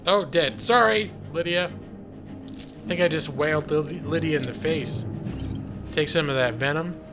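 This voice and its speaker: A man's voice: on the high side, a little slow, over music. A middle-aged man casually chatting through a live game stream, reading chat aloud and rambling. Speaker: gaming streamer.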